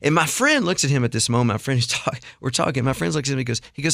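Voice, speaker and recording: A middle-aged man telling a story in a radio studio interview, animated and acting out the people he quotes. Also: medium pitch, racing, creaky, few pauses, dry recording. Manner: animated storyteller, acts out quotes, laughs often. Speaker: guest songwriter.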